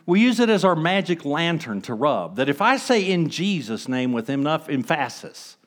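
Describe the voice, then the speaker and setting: A man preaching a sermon as pastor, conversational, asking the congregation rhetorical questions and swinging between hushed and emphatic delivery. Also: a little high, very animated, moderate pace.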